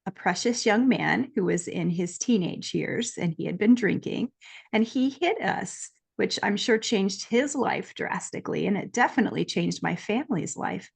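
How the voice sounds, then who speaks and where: A woman's voice: medium pitch, vocal fry. Earnest woman telling a personal story. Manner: earnest, lively, acts out quoted voices. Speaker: guest.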